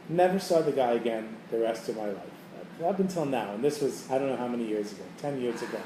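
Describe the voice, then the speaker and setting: A middle-aged man telling stories to a group in a casual, animated way, acting out the voices of the people in them. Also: medium pitch, quick pace, few pauses. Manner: casual, animated storyteller who acts out quoted voices. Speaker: teacher leading a holiday preparation class. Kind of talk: storytelling talk to a group. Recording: echoey room, mic at a distance, faint background noise.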